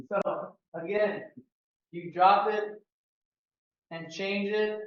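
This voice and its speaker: A man's voice: high-pitched, steady tone, extremely slow, pauses often. A man from Miami leading a sales team training, casual and joking with the room. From Miami, United States. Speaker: real estate sales trainer. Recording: roomy, distant, dull meeting-room audio.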